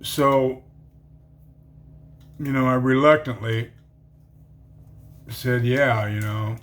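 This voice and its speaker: A middle-aged man with a medium-pitched, steady voice draws out his words as he rambles through a personal testimony. He leans heavily on fillers and keeps calling the listener "man."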